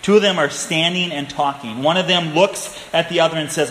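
A male pastor preaching a sermon, earnest and emphatic, slowing down to stress key phrases. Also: fairly high pitch, fairly bright tone, a little hiss or hum. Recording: echoey room with faint ambience.

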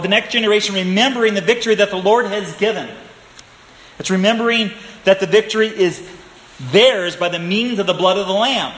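A male pastor preaching a sermon, earnest and emphatic, slowing down to stress key phrases. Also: high voice, fairly bright tone. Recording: echoey room with faint ambience.

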